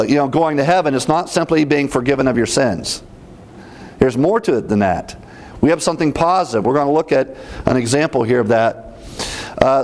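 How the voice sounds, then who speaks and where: A man teaching through Bible verses in a deliberate, emphatic way, repeating references as he goes. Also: on the high side.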